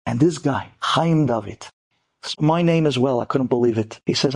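A man from Brooklyn telling a stirring story to an audience, swinging from loud high bursts to low murmurs and sprinkling in Hebrew and Yiddish terms. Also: moderate pace, gravelly. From Brooklyn, New York.

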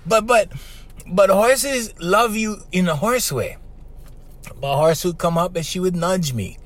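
This middle-aged podcaster talks at a measured pace in a high, strong voice shaped by singing training. His casual monologue is full of lively storytelling and frequent "right?" check-ins.

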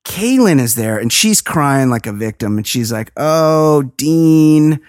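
A woman's voice: extremely low pitch, sing-song, normal speed, no echo, studio quality. A woman hosting a podcast, recapping a reality show in a gossipy, sarcastic, profane way. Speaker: podcast host. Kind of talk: casual podcast chat.

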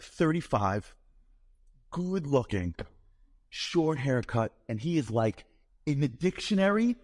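A man telling a humorous story to a live audience in a lively, playful, self-deprecating way. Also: mid-range voice. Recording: long hall reverb.

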